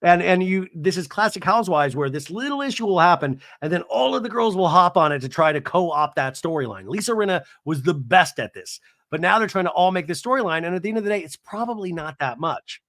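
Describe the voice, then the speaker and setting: A man hosting a podcast, giving a casual, gossipy recap with animated, swearing, exasperated asides. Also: sits high, dry recording, clean studio sound. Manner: does quick voices for the people he quotes. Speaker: podcast host recapping a reality show.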